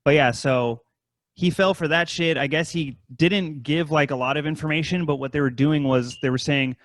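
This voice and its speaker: A man's voice: moderate pace, a bit bright, dry recording. Swearing man, dry close sound. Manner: rambling, heavy swearing, mimics scammers in high voices. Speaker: podcast co-host. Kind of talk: casual profane chat.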